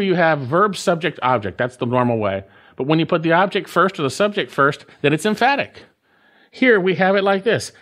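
A man's voice: a little high, a bit bright. A man preaching a verse-by-verse sermon, stressing and repeating key phrases. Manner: emphatic, repeats key phrases, rising and falling delivery. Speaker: pastor. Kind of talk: expository sermon.

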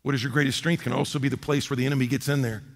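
A man preaching a sermon as a pastor, impassioned and swinging from loud to hushed. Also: mid-range voice, fairly even intonation, very fast, vocal fry, long reverb tail.

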